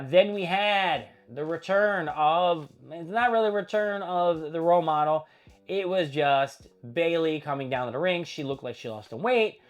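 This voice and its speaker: A man hosting a casual wrestling recap, blunt and profane, giving strong opinions and paraphrasing what wrestlers said. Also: mid-range voice. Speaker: podcast host recapping wrestling.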